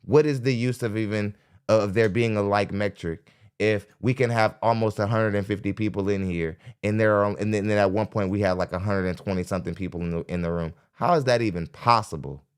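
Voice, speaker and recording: A man's voice: lowish voice, fairly even intonation, brisk, smooth. A man hosting a live podcast, giving skeptical, rambling reaction commentary with frequent restarts. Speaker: podcast host.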